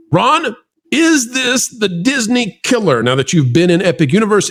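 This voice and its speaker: A male host of a theme park news show, talking in a hyped, salesy way with joking asides to his audience. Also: high-pitched.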